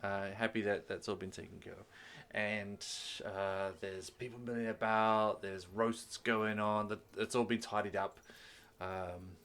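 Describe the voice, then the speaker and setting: A man's voice: fairly low pitch, flat delivery, unhurried, a bit bright, clean tone. Rambling male game master. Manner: rambling, descriptive, filler-heavy. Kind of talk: narrating a tabletop game.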